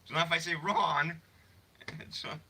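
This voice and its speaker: A man's voice: a little high, little pitch movement, fairly quick, vocal fry, sharp tone, breathy edge. Rambling man chatting on a livestream. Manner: rambling, swears freely, reads and answers chat. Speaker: livestream host. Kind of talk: casual livestream chat. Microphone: phone.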